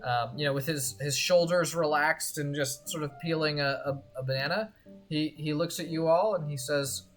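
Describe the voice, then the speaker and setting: A game master narrating a tabletop game in a halting way, with many fillers and restarts. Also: medium pitch, fairly bright tone, soft background music.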